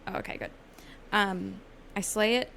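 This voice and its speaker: A chatty young woman co-hosting a podcast, laughing easily and drifting into silly mock voices as she talks. Her voice sits at an everyday middle pitch. A faint hiss of noise runs under the recording. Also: fairly even intonation, normal speed, a bit bright. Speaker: podcast co-host. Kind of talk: casual chat.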